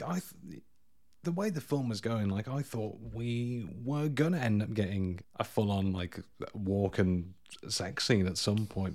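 A man's voice: on the low side, a little mellow. A man co-hosting a podcast, chatting casually about a film in a rambling, self-deprecating way with frequent laughter. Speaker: podcast co-host.

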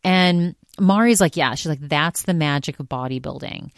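A woman with a notably low voice hosts her own podcast solo, chatting casually as she recaps another show. She keeps quoting people, stringing thoughts together in an easy, conversational flow. The sound is dry and close, with no room echo. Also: normal speed. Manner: chatty retelling, constantly quoting others with "she's like". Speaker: podcast host.

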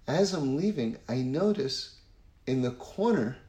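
A man's voice: mid-range voice, expressive, measured pace, mellow. A man teaching Torah and telling a personal story, earnest and conversational, repeating phrases for emphasis. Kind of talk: spiritual talk with personal story. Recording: roomy echo.

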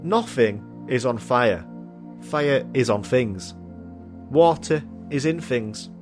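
A man voicing an odd male presenter of random thoughts, slow and deadpan with sudden shouts. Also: medium pitch, faint music behind.

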